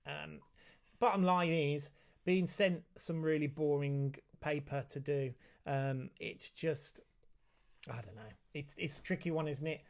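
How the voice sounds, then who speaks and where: A man's voice: on the high side, a little slow, creaky. A man hosting a casual live Q&A for parents at home, chatty and easygoing, breaking off to talk to his child. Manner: chatty, reads out viewer comments, talks aside to his child. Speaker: autism specialist hosting a parent Q&A.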